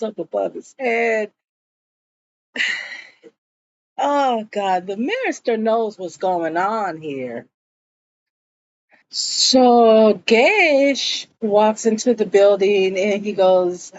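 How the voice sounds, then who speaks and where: A woman's voice: medium pitch, darkish tone, lo-fi sound. A woman casually recapping a TV episode, gossiping, acting out the characters' lines and cursing along the way. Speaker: show recapper.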